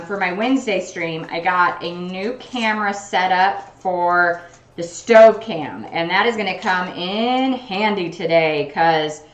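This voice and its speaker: At medium pitch, a woman talks her way through a cooking livestream, chatty and describing each step while chopping in her home kitchen. The recording has a roomy sound.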